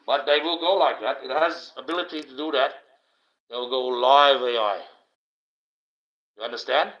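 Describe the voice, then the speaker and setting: Rambling masked livestreamer, bright voice. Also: male voice, mid-range voice, moderate pace. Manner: rambling, preachy, blunt and profane. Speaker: livestream host. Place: indoors, wearing a mask. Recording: dull, lo-fi livestream audio.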